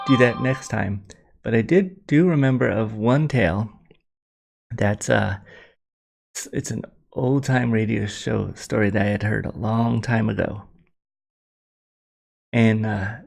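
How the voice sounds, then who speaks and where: Gravelly-voiced man chatting on a stream. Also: mid-range voice, darkish tone. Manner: rambling, apologetic, many fillers and restarts. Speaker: livestream host. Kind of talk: casual livestream chat.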